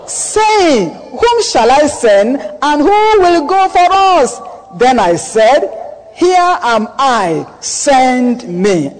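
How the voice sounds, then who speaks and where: A man's voice: very high voice, big pitch swings, slow pace. A man preaching a sermon with emphasis, repeating key phrases and calling on the congregation. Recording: long hall reverb.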